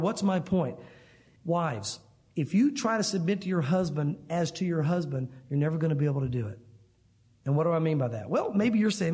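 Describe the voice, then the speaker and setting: High-voiced man preaching a sermon. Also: lively intonation, fairly quick, darkish tone. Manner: emphatic, direct address with rhetorical questions. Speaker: pastor.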